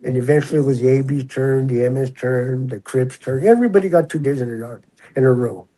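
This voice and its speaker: A man in his sixties, a retired prison officer, telling stories in a relaxed, chatty way and acting out the voices of others. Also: mid-range voice, fast talker, rough recording. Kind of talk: casual storytelling.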